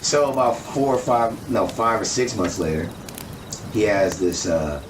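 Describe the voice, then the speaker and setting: A man telling a casual personal story, animated and acting out quoted dialogue. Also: lowish voice, unhurried. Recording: echoey room, distant mic, noisy.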